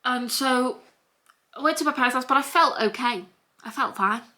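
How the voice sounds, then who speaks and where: This young Scouse vlogger has a high, bright, forceful voice at normal speed. Sitting at home in a hoodie, she tells a rambling story, repeating herself and restarting again and again.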